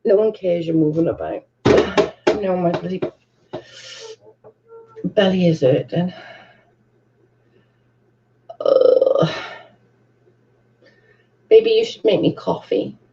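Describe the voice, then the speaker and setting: British woman on a bedroom livestream, lowish mellow voice, reading chat out loud, swears a lot, kinda muffled lo-fi audio. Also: slow, long pauses, a little hiss or hum. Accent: British English. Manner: chatty, reads out viewer comments, swears casually. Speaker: livestream host. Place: her bedroom at home.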